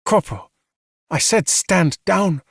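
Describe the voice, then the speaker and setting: A man's voice: sits high, expressive, slow pace, creaky, fairly bright tone, husky, dry recording, clean studio sound, pitched above the performer's own voice, heavily acted. A man voicing a cold, ruthless woman commanding officer with clipped, commanding speech. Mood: stern. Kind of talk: audiobook character voice.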